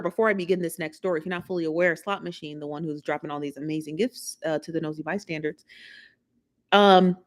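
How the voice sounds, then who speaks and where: Chatty woman hosting a livestream. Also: fairly low pitch. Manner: chatty, laughing, teasing the chat. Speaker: live show host. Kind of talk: casual livestream chat.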